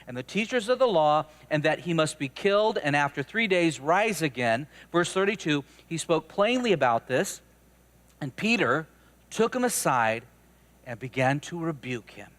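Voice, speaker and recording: A man preaching with a notably high voice, talking to the congregation in a lively, conversational way. He trips over and repeats words as he pushes through his points. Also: moderate pace. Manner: animated, conversational, stammering restarts. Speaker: pastor. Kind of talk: sermon.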